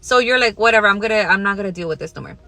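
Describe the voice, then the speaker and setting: A woman's voice: mid-range voice, rapid-fire, sharp tone, soft background music. A young woman telling a casual workplace storytime in a blunt, profane, second-person way.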